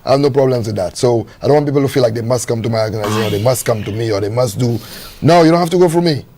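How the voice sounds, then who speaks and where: Fast, animated man talk show guest. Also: mid-range voice. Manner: animated, preachy, fast-talking. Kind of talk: casual conversation.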